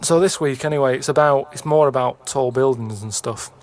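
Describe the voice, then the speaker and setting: A man's voice: mid-range voice, fairly quick, noisy background. A British man telling a rambling anecdote on a comedy podcast, stalling on restarts and fillers. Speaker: podcast guest storyteller.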